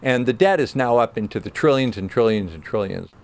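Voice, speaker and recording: A man's voice: medium pitch, animated, fairly quick. A man giving sarcastic, skeptical commentary and reading aloud from a financial article. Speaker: remote viewing group member.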